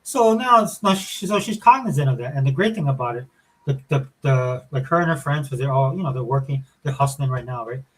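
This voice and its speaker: A middle-aged man co-hosts a podcast, chatting casually and animatedly as he rambles through stories packed with fillers. His mid-range voice is expressive, fairly quick and slightly rough, and the audio quality is poor.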